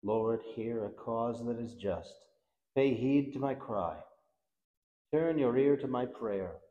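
A man reciting the Divine Office in a solemn, measured liturgical manner, letting each response fall away at its end. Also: mid-range voice, dark tone, muffled recording. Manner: measured, reverent, with falling endings on responses. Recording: echoey room.

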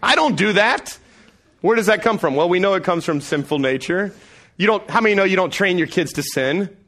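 A man in his thirties preaching a sermon, telling family stories with animated delivery and acted-out voices. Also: high voice, brisk. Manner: animated storytelling, acts out voices. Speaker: pastor.

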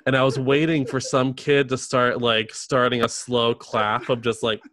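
Snarky, animated male podcast host. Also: medium pitch, moderate pace. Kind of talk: casual chat.

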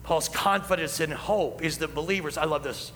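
A man preaching a sermon as pastor, building emphasis and slowing down on key lines. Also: a little high, fairly bright tone, slight background noise. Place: church sanctuary. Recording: hall reverb, faint ambience.

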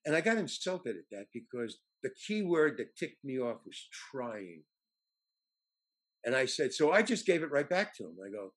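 An older man, an actor, telling anecdotes in a halting way, with many fillers and restarts. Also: medium pitch, very animated, husky. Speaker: actor guest. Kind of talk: anecdotal storytelling.

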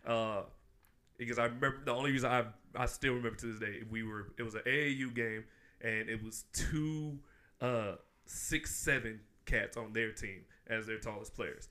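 A man with a forceful, bright voice tells a story to his friends on a podcast. He talks casually and animatedly, and he acts out his own past shouts. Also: medium pitch, moderate pace. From Texas. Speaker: podcast co-host. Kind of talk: casual chat among friends.

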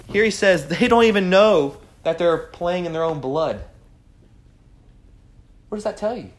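A man leading a morning Bible study, preaching with lots of rhetorical questions and swinging from quiet asides to loud cries. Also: high-pitched. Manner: animated, fires rhetorical questions at the group.

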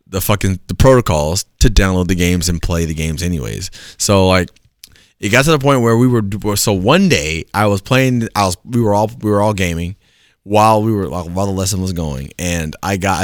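A young man in casual chat, telling a story with lively acted-out quotes and frequent laughter. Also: low voice, no room sound, clean studio sound. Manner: animated storytelling, acts out quotes, laughs often.

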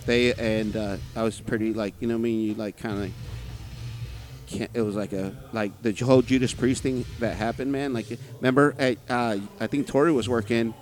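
A man's voice: mid-range voice, steady tone, brisk, a little mellow. A man talking as a podcast guest in a bar, from Texas, rambling with lots of fillers and restarts and swearing freely. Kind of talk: casual chat.

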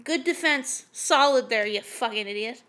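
A woman co-hosting a podcast in casual chat, loud and dramatic, laughing often and swearing. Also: a little high, expressive, normal speed. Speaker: podcast co-host.

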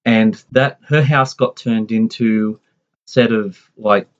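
A man's voice: fairly low pitch, steady tone, takes it slowly. A man in his forties telling a family story in a casual, rambling way, full of restarts and asides. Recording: dull lo-fi sound.

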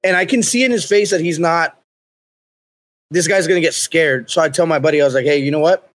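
A man, a podcast guest, telling a rambling, profanity-heavy comedic story in a loose, animated way. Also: fairly high pitch, brisk.

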